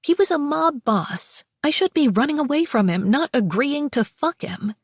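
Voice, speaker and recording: A woman narrating a first-person romance audiobook in an expressive, wry way on a close mic. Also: high voice, normal speed, no room sound.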